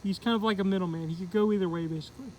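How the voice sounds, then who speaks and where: Man, high voice, casual comic book review, rambling, lots of fillers, faint background noise. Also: racing, darkish tone, low-quality recording. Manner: rambling, many fillers and restarts.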